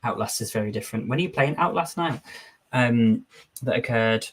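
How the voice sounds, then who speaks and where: Chatty husky-voiced male streamer. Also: medium pitch, expressive, brisk. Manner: chatty, reads viewer comments aloud and answers them. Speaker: streamer host. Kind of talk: casual live-stream chat.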